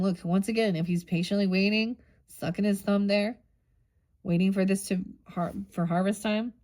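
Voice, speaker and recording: A woman's voice: mid-range voice, a little mellow. Woman, middle-aged, loose chatty tarot reader, rambles and curses casually. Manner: rambling, swears casually, thinks aloud.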